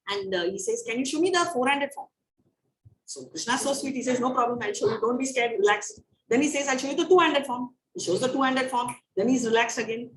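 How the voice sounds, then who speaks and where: A woman with an Indian English accent leads an online scripture class in a fairly high voice. She explains patiently and keeps checking in with "right?" The mic sits a little away from her, with a faint hiss underneath. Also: far from the mic, poor audio. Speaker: spiritual teacher.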